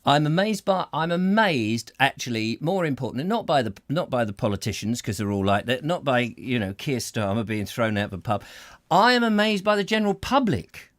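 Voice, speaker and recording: A man's voice: medium pitch, sing-song, a little fast, fairly bright tone, no echo. Jokey rambling man with a southern English accent. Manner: rambling, jokey, self-mocking. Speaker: host. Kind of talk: casual comedy chat.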